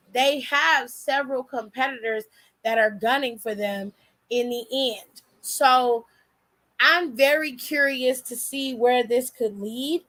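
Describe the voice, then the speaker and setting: Brief: high-pitched woman, sassy and blunt vlog commentator, laughs a lot. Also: a bit bright. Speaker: wrestling commentary vlogger. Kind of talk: casual reaction commentary.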